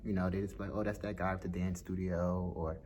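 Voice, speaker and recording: A man's voice: low voice, flat delivery, fast, a little mellow, slight background noise. A young man with a slight lisp, talking casually and a bit nervously to camera in his first vlog. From Philadelphia. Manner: chatty, self-conscious, laughs easily. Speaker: vlogger, dance school owner.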